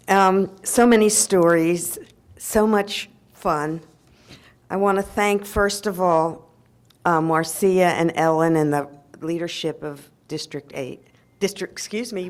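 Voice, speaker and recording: A woman's voice: fairly low pitch, a little slow. An older woman giving an emotional, reminiscing award acceptance speech to an audience at a convention, with frequent ums and laughs. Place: convention hall before an audience.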